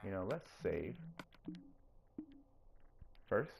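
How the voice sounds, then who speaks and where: A man hosting his own gaming channel, chatting casually through his gameplay and getting openly excited when things work. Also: extremely slow, creaky, a little hiss or hum. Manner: coaxes the game character in a higher, playful voice.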